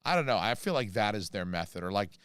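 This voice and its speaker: An American man chatting on a casual livestream, his voice a little low and smooth. He rambles and jokes with plenty of fillers, and the sound is dry and close. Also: big pitch swings, quick pace, fairly bright tone, no echo. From United States. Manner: rambling, jokey, many fillers and asides. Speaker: channel host reading live chat.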